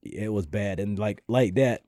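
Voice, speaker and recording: A man with a fairly low, mellow voice co-hosts a podcast, easygoing and quick to joke. He sounds a bit congested from allergies. The sound is dry and close. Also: no echo. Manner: easygoing, joking, animated storyteller. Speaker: podcast co-host. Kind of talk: casual chat.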